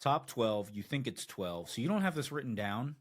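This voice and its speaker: A man hosting a podcast, greeting listeners with energy and teasing his guest with quick questions. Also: mid-range voice, very animated. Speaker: podcast host. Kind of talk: casual podcast chat.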